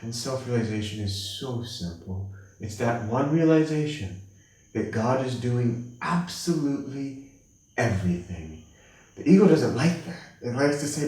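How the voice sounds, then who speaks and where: A man giving a spiritual class, telling stories gently and acting out the voices of the people in them. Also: moderate pace. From United States. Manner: gentle, storytelling, acts out quoted voices with rising pitch. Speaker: class teacher at a monastery. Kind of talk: spiritual class talk with acted anecdotes. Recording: echoey room from a distance.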